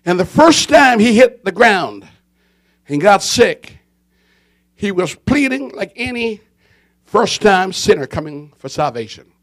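A man preaching a fiery sermon, swinging between shouting and hushed tones and hammering home repeated phrases. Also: sits high, big pitch swings, slow pace, pauses often.

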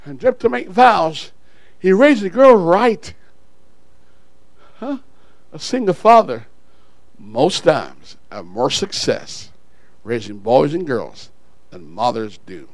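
A male pastor preaching a sermon in an animated way, shouting at some points, dropping low at others and chuckling at his own asides. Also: slow, pauses often, no room sound, low-quality recording.

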